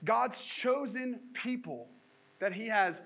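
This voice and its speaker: A man's voice: high voice, lively intonation, takes it slowly, creaky, fairly bright tone, poor audio. A man preaching a sermon in a casual, jokey way, slipping into sarcastic voices when he quotes people. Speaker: pastor.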